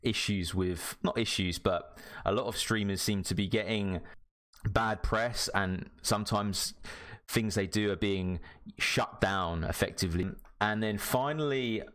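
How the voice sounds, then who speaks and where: A British man hosts a casual live-streamed podcast in a fairly low voice. He is upbeat and chatty, repeating his greetings and filling gaps with ums and uhs as he lays out the topics. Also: unhurried, a bit bright. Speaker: podcast host.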